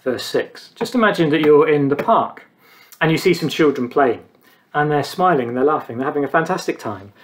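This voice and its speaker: Earnest high-voiced preacher. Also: male voice, animated. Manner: earnest, pausing between phrases, dropping low on key words. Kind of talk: sermon.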